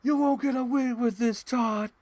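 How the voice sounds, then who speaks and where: A man putting on a vengeful cartoon hunter's voice with a loud, overblown threat. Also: extremely high pitch, fairly even intonation, takes it slowly, voice pushed up, full character voice.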